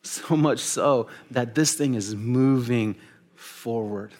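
A man preaching a casual, animated sermon to teenagers, joking with them and acting out the stories he tells. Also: medium pitch, slow. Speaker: youth pastor.

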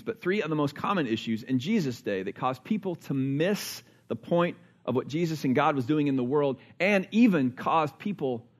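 A man's voice: on the high side, a little mellow. A man preaching a sermon in a conversational way, often repeating words and chuckling. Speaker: pastor.

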